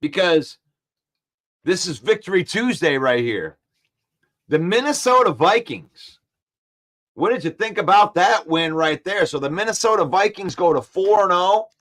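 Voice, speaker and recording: A man's voice: high-pitched, normal speed. A man hosting a casual football talk stream, reading viewer comments and firmly arguing back. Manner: reads viewer comments aloud and argues back, animated and defensive. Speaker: sports talk show host. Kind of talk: casual live-stream sports chat.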